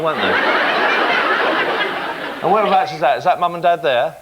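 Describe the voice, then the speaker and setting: A male TV host with a mid-range voice, teasing and playful as he interviews a child. A loud studio audience fills the background, along with heavy noise on the recording. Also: mid-range voice, normal speed, pauses often, a loud crowd.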